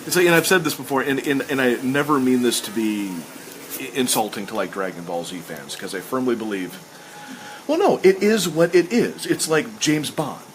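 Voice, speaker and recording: A man's voice: mid-range voice, lively intonation, normal speed, slight background noise, low-quality recording. A man hosting a casual chat, rambling with enthusiasm and acting out lines he quotes. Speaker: host. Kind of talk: casual chat while sketching.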